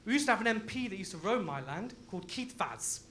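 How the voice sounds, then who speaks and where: A young man from Leicester doing a live stand-up set, loud and laughing, full of crude banter with the crowd. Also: sits high, big pitch swings, fast talker, a little hiss or hum. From Leicester, England. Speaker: stand-up comedian.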